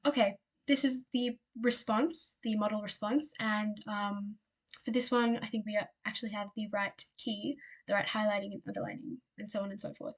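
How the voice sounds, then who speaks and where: A woman's voice: medium pitch, little pitch movement, moderate pace. A young woman with an Australian accent giving a casual exam revision lecture, chatty and rambling with lots of fillers and asides.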